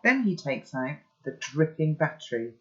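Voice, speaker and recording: A man's voice: on the high side, sing-song, normal speed, fairly bright tone, muffled recording. A man reading a children's novel aloud, with chatty asides to his listeners. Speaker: storybook reader.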